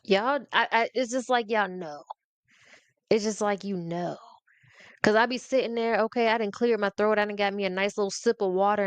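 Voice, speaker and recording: In a dry recording, a woman with a clear, resonant mid-range voice hosts her own show. She rants casually to her audience in a sassy, playful manner and laughs often.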